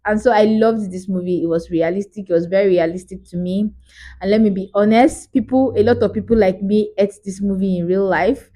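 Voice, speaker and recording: A woman's voice: mid-range voice, a little fast. Chatty woman recapping a movie. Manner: chatty, animated storytelling with laughs. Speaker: movie reviewer. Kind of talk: casual movie review vlog.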